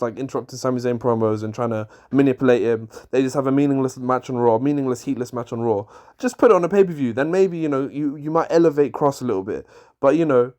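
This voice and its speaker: A man's voice: medium pitch, darkish tone. A young man reviewing a wrestling show in an exasperated, sarcastic rant.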